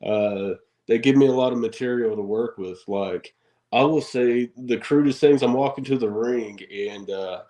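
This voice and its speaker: A man chatting on a wrestling podcast, recounting his crude heel antics with easy laughter. His voice sits at an ordinary mid pitch, and his delivery is loose and filled with likes and uhs. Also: normal speed, dark tone, roomy sound. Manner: boastful, laughing, filler-heavy. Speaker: wrestling guest. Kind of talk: casual storytelling interview.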